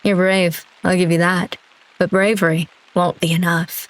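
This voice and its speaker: A woman voicing a cool, taunting young female rival who speaks in a smug, measured way. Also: fairly low pitch, little pitch movement, natural voice, rough recording. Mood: haughty.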